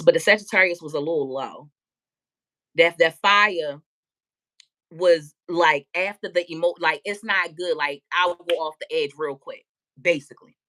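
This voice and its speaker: A woman tarot reader chatting casually on a live stream, loud and profane, often laughing and talking back to her chat. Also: on the low side.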